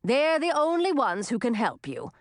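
A woman voicing a blunt, gruff but kind old witch in a storybook reading. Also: high voice, very animated, normal speed, no echo, studio quality, pitched above the performer's own voice. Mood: lecturing. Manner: blunt, scolding.

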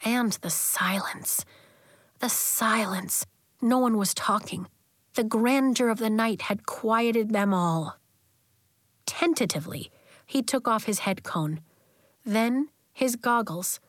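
A woman narrating a children's novel as an audiobook in a gentle, even storytelling manner. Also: a little high, slow, no room sound, clean studio sound.

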